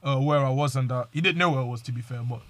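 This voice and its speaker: A man's voice: medium pitch, very fast, no echo. A young man, animatedly telling a street story to friends and acting out the quotes. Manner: slangy, acts out quoted lines.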